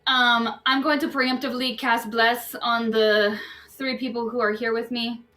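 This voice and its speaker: A woman player in an online tabletop game, planning cautiously and quickly in casual chat. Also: on the high side, level tone, sharp tone.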